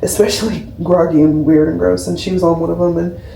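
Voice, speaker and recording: A young woman and nurse talks to her camera in a casual, rambling, heartfelt way, leaning on "like" as she goes. Her voice is mellow and soft-edged. It sounds roomy and a little distant, picked up by a camera sitting on a shelf. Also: fairly low pitch, little pitch movement, a little fast, creaky. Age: 20s. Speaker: labor and delivery nurse, vlogger. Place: home room, camera on a skincare shelf. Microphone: camera mic at a distance.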